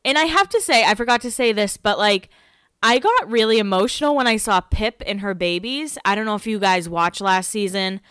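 A young woman hosting a casual solo podcast, rambling and chatty with lots of fillers, her pitch jumping when she gets excited. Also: brisk, clear, resonant tone, no room sound, clean studio sound. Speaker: podcast host.

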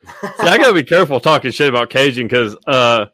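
A man's voice: medium pitch, lively intonation, brisk, pushed and bright, no echo, clean studio sound. A man hosting a casual podcast chat, rambling with lots of fillers and swearing. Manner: rambling, profane, full of fillers. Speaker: podcast host.

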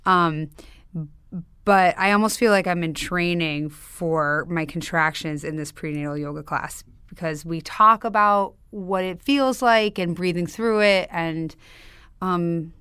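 Smooth-voiced chatty woman guest. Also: lowish voice, a little slow, a bit bright, no echo, clean studio sound. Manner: chatty, laughs often, self-deprecating. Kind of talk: casual podcast chat.

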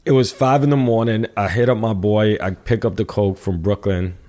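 A man's voice: on the low side, fairly even intonation, normal speed, warm tone. A man from New York, a guest telling a casual, rambling story with lots of restarts and swearing. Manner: rambling with frequent restarts and profanity.

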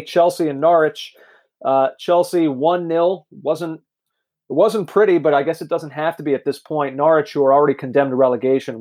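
A man co-hosting a football podcast in casual chat, easygoing and quick to laugh. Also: medium pitch, darkish tone. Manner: easygoing, laughs often, says "like" a lot. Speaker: podcast co-host.

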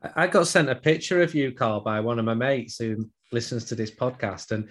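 A man's voice: mid-range voice, moderate pace. A man chatting casually on a football podcast, a regular on the show, talking in a chatty, self-deprecating way and often repeating words as he starts a thought. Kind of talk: casual chat.

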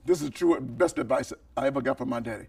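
A man's voice: medium pitch, fast talker, creaky, a little mellow, husky, dry recording, distant mic. A man appearing as a comedian guest, talking bluntly and profanely in a rambling way. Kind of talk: casual comedic chat.

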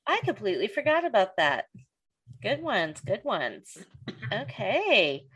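Lively, chatty woman podcast host. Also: medium pitch, takes it slowly, pauses often, slightly rough. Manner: laughs often, lively and chatty. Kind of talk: casual podcast chat.

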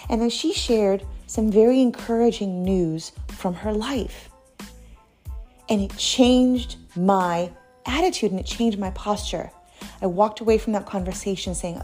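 A woman's voice: medium pitch, unhurried, faint music behind. A woman giving a casual devotional talk, earnest and chatty, laughing easily and speaking straight to her listeners. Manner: earnest and warm, laughs easily, addresses listeners as "you guys". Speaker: Christian devotional host.

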